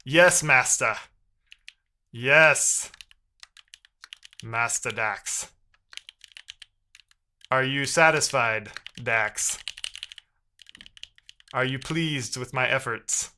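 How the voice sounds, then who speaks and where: A man's voice: mid-range voice, drawn-out words, pauses often, pushed and bright, slight background noise, heavily acted. A man putting on a mock-servile male servant who fawns over his master, drawn out and subservient.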